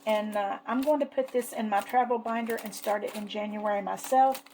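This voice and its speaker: A woman chatting casually as she shows off her savings challenges, fond and unhurried, with lots of little fillers. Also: medium pitch, a little mellow, slight background noise, poor audio. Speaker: savings challenge seller and vlogger. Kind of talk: casual product show-and-tell.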